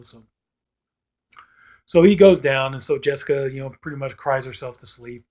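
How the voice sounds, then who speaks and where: A man with an average-pitched voice talks through a movie's plot in a loose, casual way. He rambles, leans on fillers, and slips briefly into the characters' lines as he retells them. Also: fairly even intonation, brisk, darkish tone. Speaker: film reviewer.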